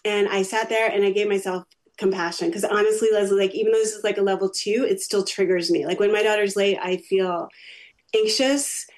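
Brief: middle-aged woman, talk show guest and parent coach, lively storyteller. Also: mid-range voice, brisk. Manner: animated storyteller who acts out quotes. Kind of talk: interview guest telling a personal story.

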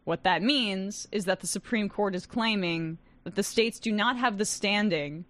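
A woman's voice: mid-range voice, a bit bright. A young adult woman hosting a news talk show, reading headlines and commenting in a casual, sarcastic way with frequent laughs. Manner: wry and sarcastic, quick to laugh. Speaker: fill-in news show host.

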